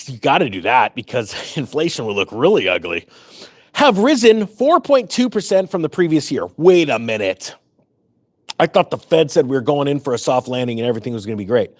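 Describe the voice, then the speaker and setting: A man giving sarcastic, jokey commentary on economic news, breaking into mock voices. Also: fairly high pitch. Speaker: finance YouTuber.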